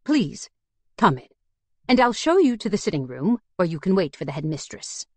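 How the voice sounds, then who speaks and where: A woman's voice: lowish voice, very animated, normal speed, dry recording. A woman reading a stuffy posh butler. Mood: formal. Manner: formal, clipped and proper. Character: stuffy posh male butler, formal and refined.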